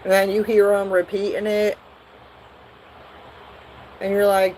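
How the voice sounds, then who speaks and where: A woman's voice: mid-range voice, monotone, unhurried, a little mellow, slight background noise, poor audio. A woman doing a live tarot reading, talking bluntly and profanely in a rambling way. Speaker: tarot reader.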